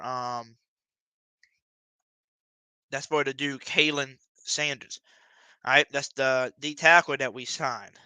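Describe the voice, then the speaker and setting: A young man hosting his own football fan video, talking to viewers in a casual, excited way. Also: medium pitch, smooth, no echo, low-quality recording. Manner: excited, addresses viewers directly. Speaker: sports fan video host.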